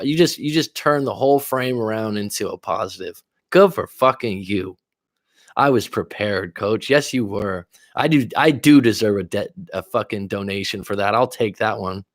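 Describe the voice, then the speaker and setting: On a livestream, a male life coach reacts to viewer comments in a casual chat, swearing freely. His voice is mid-range and moderately paced. The studio sound is clean and has no echo.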